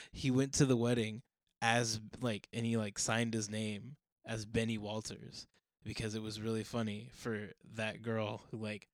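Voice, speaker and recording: A man's voice: lowish voice, little pitch movement, no echo. A man joking and bantering in a casual podcast chat. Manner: joking, quick banter with laughs.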